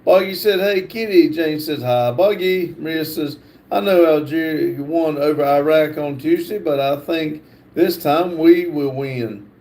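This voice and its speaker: A man's voice: fairly high pitch, unhurried, a little mellow. Easygoing man reading chat comments. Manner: reads viewer comments aloud, easygoing. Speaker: livestream host. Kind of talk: casual livestream chat.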